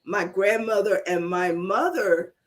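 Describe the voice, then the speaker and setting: A woman's voice: mid-range voice, measured pace. Affirming woman on a panel. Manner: affirming, lots of mm-hmms. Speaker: panel host. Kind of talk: casual chat.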